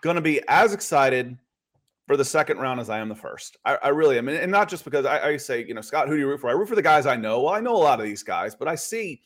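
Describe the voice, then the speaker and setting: A man co-hosting a casual sports podcast, chatty and animated, often repeating words as he talks. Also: medium pitch, fast. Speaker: podcast co-host.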